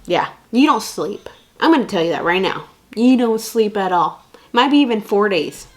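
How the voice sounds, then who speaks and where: A woman's voice: mid-range voice, lively intonation, normal speed. A young woman vlogging candid parenting advice in a casual, chatty way, full of fillers and asides. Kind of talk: casual chat to camera.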